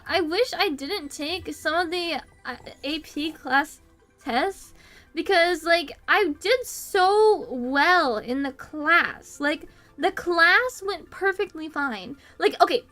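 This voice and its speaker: A woman's voice: very high voice, expressive, takes it slowly, fairly bright tone, faint music behind. A young woman from the United States, chatting casually on a stream. She rambles, giggles, swears casually and pokes fun at herself. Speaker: VTuber streamer.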